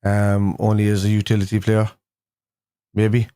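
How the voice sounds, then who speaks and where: Rambling young man, lowish voice. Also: completely flat delivery, moderate pace, warm tone, clean tone, no room sound. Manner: rambling, loose, matey with lots of fillers and restarts. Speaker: fan show host. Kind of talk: casual live-stream chat reading viewer comments.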